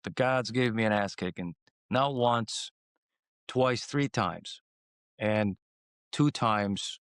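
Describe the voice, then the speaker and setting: A man from Croatia, a guest in a casual interview who tells rambling stories with lively swings in his voice. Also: slow, clean tone, dry recording, clean studio sound. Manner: animated, rambling, acts out quotes with swings in pitch. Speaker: guest singer.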